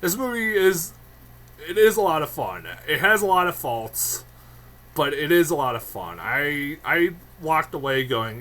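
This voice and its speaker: A man's voice: fairly high pitch, sing-song, unhurried, bright, forceful tone. A man giving a casual, rambling film review, swearing freely and laughing often.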